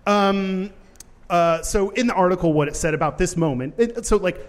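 A man's voice: high-pitched, normal speed, long reverb tail. A man co-hosting a casual comedic podcast, retelling a film plot with swearing and frequent laughs. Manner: animated storyteller, swears, laughs often. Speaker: podcast co-host.

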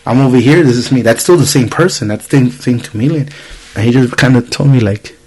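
A man's voice: mid-range voice, brisk, a little mellow, breathy edge, low-quality recording. A man in his thirties hosting a podcast, telling a story in casual chat, swearing freely and acting out the people he quotes. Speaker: podcast host.

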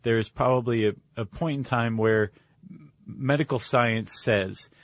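A man's voice: mid-range voice, measured pace, no room sound. Man chatting on a podcast, lots of ums, dry studio sound. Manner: explains with fillers and restarts. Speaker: podcast co-host. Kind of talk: casual conversational chat.

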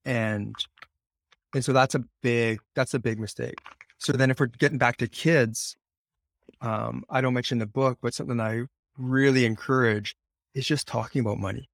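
A man speaking as a guest author on a podcast, earnest and conversational, often repeating himself for emphasis. His voice sits at an ordinary middle pitch. The sound is dry and close-miked. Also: fairly even intonation, moderate pace, creaky, dry recording.

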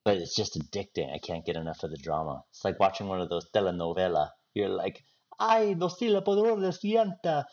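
A man's voice: low-pitched, steady tone, fast, few pauses, a little mellow, muffled recording. A man co-hosting a gaming podcast, chatting in a jokey, playful way. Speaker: podcast co-host. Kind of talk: casual chat.

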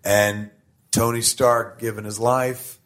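A middle-aged man talks as a podcast guest, telling stories with plenty of swearing. His voice sits at an ordinary middle pitch, and he goes at his stories with animated energy. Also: takes it slowly. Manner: animated, profane storytelling. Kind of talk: casual podcast conversation.

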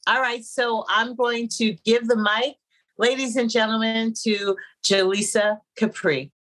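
A woman's voice: fairly high pitch, fairly even intonation, measured pace, fairly bright tone, low-quality recording. A woman hosting an interview show, effusive and emphatic as she praises and introduces her guest. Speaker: host.

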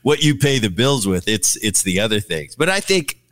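A man's voice: lowish voice, very animated, normal speed, fairly bright tone. A middle-aged man hosting a podcast, chatting casually and joking with his guest. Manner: chatty, jokey, acts out quoted lines. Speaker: podcast host. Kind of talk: casual interview chat.

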